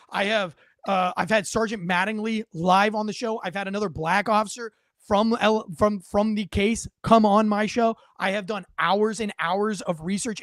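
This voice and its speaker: A man with a high voice talks through a heated podcast rant. He pushes each point hard and often restarts and repeats his phrases. The sound is close and dry. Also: no echo. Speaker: podcast host. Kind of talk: heated commentary.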